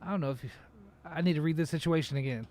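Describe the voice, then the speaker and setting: A man's voice: a little high, racing, a little mellow. A man hosting a casual podcast chat, laid-back, with lots of fillers and swearing. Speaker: podcast host.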